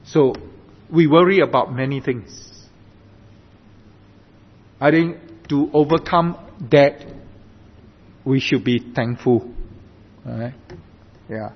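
Slow emphatic male pastor, echoing hall. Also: mid-range voice, breathy edge. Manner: slow and emphatic, often asks "right?". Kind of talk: sermon. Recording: dull recording with long hall reverb.

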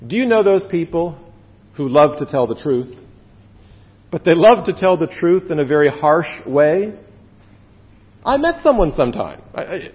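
A male pastor preaches in a slightly high, very lively voice, leaning on slow, drawn-out words and then falling quiet. The sound is dull and carries a long hall reverb. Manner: earnest, with slow drawn-out emphasis and sudden drops to quiet. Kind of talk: sermon.

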